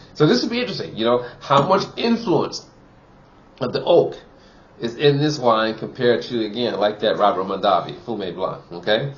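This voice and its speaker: A man's voice: mid-range voice, highs cut off. A man giving a casual wine tasting review, chatty and full of "you know" fillers, from Wisconsin.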